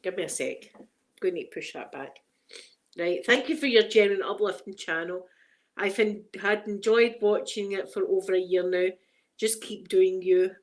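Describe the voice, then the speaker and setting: A woman's voice: mid-range voice, normal speed. Chatty Scottish woman unboxing gifts. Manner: chatty and emotional, stumbles when reading aloud. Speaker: ASMR channel host. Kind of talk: casual unboxing chat.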